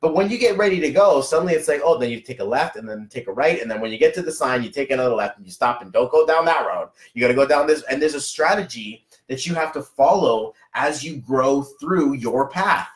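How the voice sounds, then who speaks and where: A man reading numerology on a casual live stream, chatty and excitable, greeting viewers by name. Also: medium pitch, brisk, few pauses. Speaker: numerology reader. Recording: echoey room.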